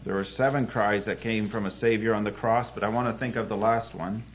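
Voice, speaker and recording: Guy preaching a sermon at night, earnest, tells it like a story, gets loud then goes quiet real fast. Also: lowish voice, steady tone, slight background noise. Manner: earnest storytelling with sudden swings between loud emphasis and soft drops. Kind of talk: evening sermon.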